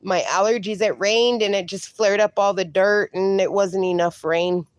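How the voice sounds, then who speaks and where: A woman's voice: mid-range voice, fairly even intonation, moderate pace, dry recording. A woman hosting a casual livestream, reading viewer comments aloud and cooing at her dogs, a little sniffly from allergies. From USA. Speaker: livestream host.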